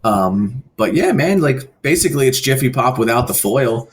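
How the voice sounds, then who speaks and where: Animated male podcast storyteller. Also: medium pitch, moderate pace. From Philadelphia area. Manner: animated storyteller, does voices in anecdotes. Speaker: podcast co-host. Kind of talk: casual chat.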